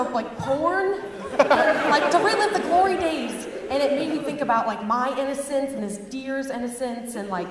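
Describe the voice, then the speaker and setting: A young woman performing a rambling, self-aware stand-up comedy set on a live stage. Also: medium pitch. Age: young adult. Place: live stage before a laughing audience. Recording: echoey hall, far mic, crowd laughter, noise.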